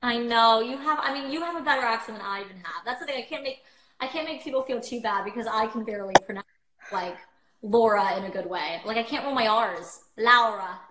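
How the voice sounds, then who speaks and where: A woman's voice: fairly high pitch, fast, fairly bright tone, reverberant, slight background noise, rough recording. A woman in her twenties hosting a casual livestream chat from her phone, bubbly and chatty, laughing often. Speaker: host of a livestream.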